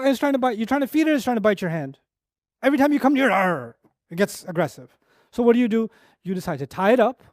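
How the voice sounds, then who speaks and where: A middle-aged man teaching a lecture on Quran verses, telling analogies with rising emphasis that drops to quiet low moments. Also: no room sound, studio quality. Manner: animated storytelling, pitch rising high for emphasis and dropping low and quiet.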